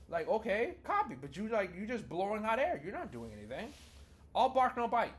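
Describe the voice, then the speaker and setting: A man's voice: high-pitched, huge pitch swings, normal speed. A man talking casually and with many fillers as he teaches public speaking in a video lesson. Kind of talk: teaching video on vocal delivery.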